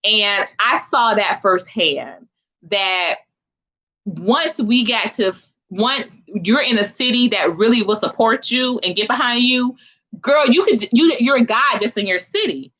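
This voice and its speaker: A woman's voice: fairly high pitch, expressive, measured pace, sharp tone. Chatty young woman hosting a livestream. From Philadelphia. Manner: chatty, slangy, addresses viewers directly. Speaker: livestream host. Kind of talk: casual livestream chat with viewers.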